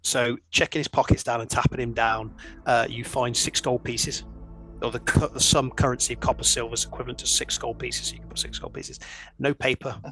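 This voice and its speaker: Male DM, bright tone, measured scene-setting narration with fillers. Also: medium pitch, level tone, faint music behind. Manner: descriptive, unhurried narration with fillers. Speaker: dungeon master. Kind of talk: narrating a tabletop game.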